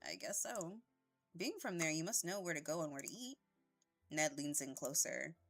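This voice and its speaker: A woman voicing a young Frenchman from a dating game, with a put-on French accent and a strained attempt at a deep voice. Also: sing-song, normal speed, a bit bright, faint music behind, heavily acted. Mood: friendly.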